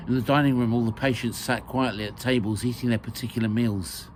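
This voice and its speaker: A man's voice: mid-range voice, steady tone, brisk, slight background noise. A man reading his own memoir aloud, hesitant with fillers and a dry sense of humour.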